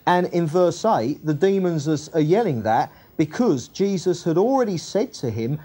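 A woman's voice: sits low, animated, normal speed, few pauses, warm tone, breathy edge. A woman teaching the Bible in a chatty, colloquial way, reading verses and checking in with tag questions.

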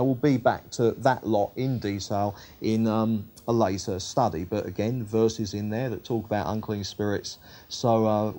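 A man with a warm voice on the low side leads a Bible study, reading scripture aloud and then explaining it conversationally. He fills his speech with ums and uhs and corrects himself on the fly.

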